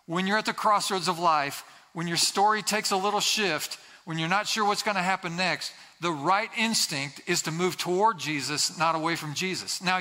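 A pastor with a high-pitched, sharp voice preaches a sermon in a church sanctuary. He is earnest, repeats key phrases for emphasis, and sometimes acts out quoted voices. A long hall reverb fills the recording.

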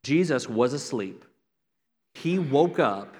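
A man's voice: medium pitch, lively intonation, slow pace, darkish tone. A man, a pastor, giving an earnest, conversational sermon with repeated phrases. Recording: long reverb from a hall.

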